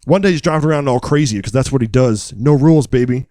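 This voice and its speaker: A man co-hosting a podcast, recapping a film in a casual, wry, joking way with deadpan asides. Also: mid-range voice, fast talker, no room sound, studio quality.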